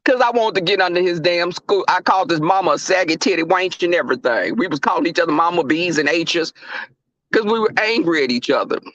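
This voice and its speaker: A young adult man hosts a casual livestream, his high, fairly bright voice moving briskly. He talks animatedly and profanely, laughing and calling out chat viewers, in a dry recording with the highs cut off.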